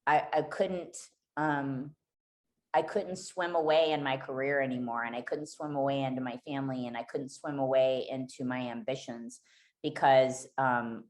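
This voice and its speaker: A woman's voice: rumbling low, fairly even intonation, normal speed, darkish tone. A woman guest on a podcast, candidly telling a raw, emotional personal story and swearing freely.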